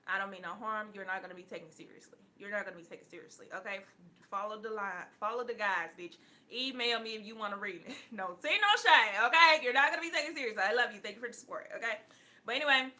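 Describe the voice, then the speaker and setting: A woman giving a blunt, profane casual talk to her viewers as a tarot reader, laughing often and getting loud at times. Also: mid-range voice.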